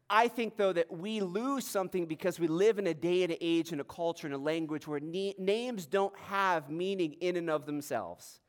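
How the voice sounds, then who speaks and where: A man with a fairly high tenor voice preaches a sermon, talking to his congregation in an easy, conversational way. He slips in light self-deprecating humor between his points. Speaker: pastor.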